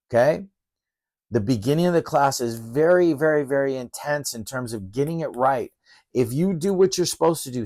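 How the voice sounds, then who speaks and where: A middle-aged male professor lectures in a blunt, emphatic, fired-up way, like a coach pushing his students. His pitch sits in an ordinary middle range. The sound is dry and close, with no room echo. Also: a little mellow. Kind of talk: course introduction lecture.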